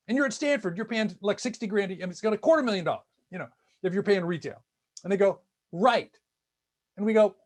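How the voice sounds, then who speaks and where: A man with a rather high voice gives an online talk. He tells stories with energy and slips into the voices of the people he quotes. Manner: animated storyteller acting out quoted voices. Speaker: speaker. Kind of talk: lecture-style talk.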